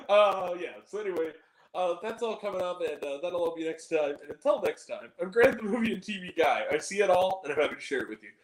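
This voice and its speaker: Guy signing off his movie review vid, rambly and chatty, voice a bit high, roomy echo. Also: animated, fast talker. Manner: rambling, chatty, swears casually. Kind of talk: casual video outro.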